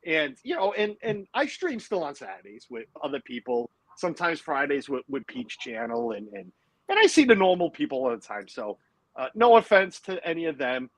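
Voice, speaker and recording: A man's voice: a little high, sing-song, normal speed, no echo, rough recording. A man hosting a casual livestream from home, chatting and rambling with lots of fillers. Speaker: livestream host. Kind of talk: casual chat.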